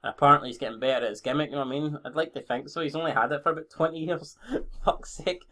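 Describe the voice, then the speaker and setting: This time the Scottish gamer, a man in his twenties, races along in a bright, forceful voice that is a little high and fairly even in intonation. His casual talk about the wrestling booking game is rambling and sweary, full of self-corrections mid-sentence.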